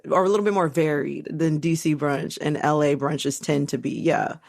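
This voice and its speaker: A woman from Los Angeles co-hosting a podcast in casual chat. She is animated, laughs often and swears freely. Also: low voice, normal speed, vocal fry. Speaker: podcast co-host.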